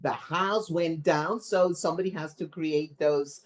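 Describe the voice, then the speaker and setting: A woman whose voice sits low gives an upbeat workshop talk to teachers in her role as a trainer. Expressive and animated, she keeps asking a quick "right?" along the way.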